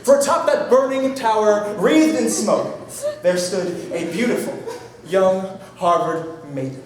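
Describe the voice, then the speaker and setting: A young man narrating a comic story to a live audience, mock-grand and theatrical, with sudden shouted lines. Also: high-pitched, unhurried. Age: young adult. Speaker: narrator of an a cappella comedy skit. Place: performance hall. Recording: roomy hall from far off, crowd.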